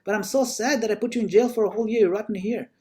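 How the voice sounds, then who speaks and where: A man's voice: sits high, fairly even intonation, racing, warm tone, voice pushed up, close to an everyday voice. A man telling a story and voicing an indignant king who scolds his minister. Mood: amazed. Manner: indignant and exclaiming. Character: angry, then relieved male king.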